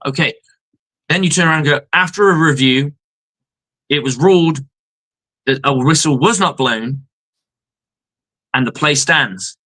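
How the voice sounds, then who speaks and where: A man co-hosting a live sports reaction stream, with a crisp, forceful, bright tone. He gets heated and swears freely. He acts out back-and-forth referee exchanges in his own voice. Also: fairly high pitch, unhurried, pauses often, low-quality recording. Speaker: co-host. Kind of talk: casual sports reaction chat.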